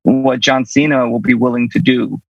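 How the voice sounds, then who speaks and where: A man joining a podcast as guest, talking casually in a measured, practical way. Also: medium pitch, steady tone, vocal fry, no room sound, lo-fi sound. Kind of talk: casual chat.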